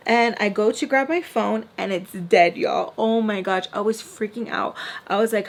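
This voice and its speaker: Young woman telling an animated story. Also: medium pitch, brisk, few pauses, a little hiss or hum. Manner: animated, acts out the voices of people in her story; peppered with "like" and "y'all". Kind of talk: casual storytime.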